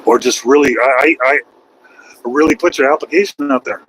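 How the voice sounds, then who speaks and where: Middle-aged trucker chatting to viewers while driving, loose and folksy, faint engine hum behind him. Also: male voice, medium pitch, fairly quick, fairly bright tone, rough recording. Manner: rambling, folksy, swears casually. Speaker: truck driver vlogger. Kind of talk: casual chat while driving. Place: truck cab on the road.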